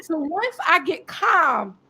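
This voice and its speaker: High, lively woman telling a story. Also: slow, a little hiss or hum. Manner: expressive, acts out quoted voices, laughs often. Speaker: guest. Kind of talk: animated personal storytelling.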